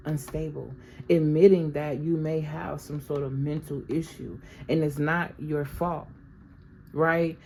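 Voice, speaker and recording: A woman's voice: deep voice, mellow, slight background noise. A woman reading tarot cards for her viewers in a casual, slangy, chatty way, talking straight to them. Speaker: tarot reader.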